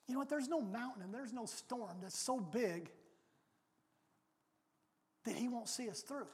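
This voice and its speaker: A preacher delivering a sermon in an emphatic way, now and then bursting into loud, dramatic quotes, recorded in a large church sanctuary. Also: medium pitch, lively intonation, measured pace. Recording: long hall reverb.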